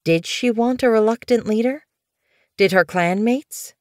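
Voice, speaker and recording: A woman narrating an audiobook in a steady, even storytelling manner. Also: on the high side, a little slow, no echo, studio quality. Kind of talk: scripted narration.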